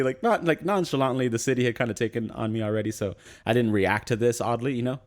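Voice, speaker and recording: A man's voice: mid-range voice, fast talker. Laughing young man telling a story. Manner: animated anecdote with frequent laughs and fillers. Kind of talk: casual podcast storytelling.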